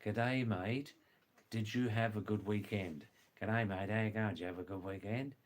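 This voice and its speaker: A man putting on a broad Australian accent as a bloke greeting his mate, nasal and fast, his words running together. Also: fairly low pitch, a little hiss or hum, lightly acted. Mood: teasing. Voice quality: nasal, vowels run together.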